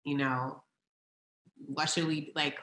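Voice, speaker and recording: A woman comedian chatting in an excited, gushing way, full of playful slang and "like". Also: low-pitched, takes it slowly, roomy sound. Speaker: comedian guest. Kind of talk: animated casual chat.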